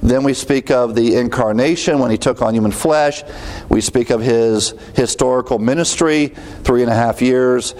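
A man's voice: mid-range voice, moderate pace, a little mellow. A man preaching a conversational Bible teaching to his congregation, listing word counts and lifting his voice on key words, with small jokes to the room. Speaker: pastor teaching a Bible study. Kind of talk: teaching sermon.

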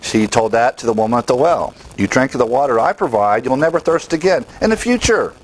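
A man's voice: medium pitch, animated, a little fast, poor audio. Emphatic male Bible teacher. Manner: emphatic, asks the listeners questions and answers them.

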